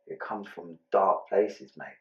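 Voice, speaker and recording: A man's voice: low-pitched, slow. Slangy man in an echoey room. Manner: slangy, earnest, swears freely. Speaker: guest, ex-offender charity ambassador. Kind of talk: casual podcast chat. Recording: echoey room, distant muffled mic.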